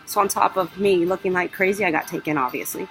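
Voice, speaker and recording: A woman's voice: on the low side, quick pace, soft background music, low-quality recording. A young woman vlogger telling a travel story in a casual way, acting out her own panic. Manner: animated, acts out her own panic in quotes.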